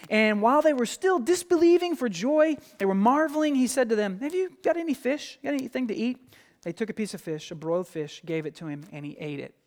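Lively preaching man in a reverberant hall. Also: sits high. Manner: animated, acts out quoted voices. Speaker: pastor. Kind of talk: sermon. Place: church sanctuary.

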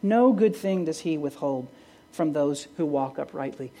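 A woman's voice: sits low, expressive, a little slow, mellow, breathy edge. A pastor delivering a sermon in an earnest way, often asking the congregation questions and lifting her voice on the key phrases. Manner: asks the congregation rhetorical questions.

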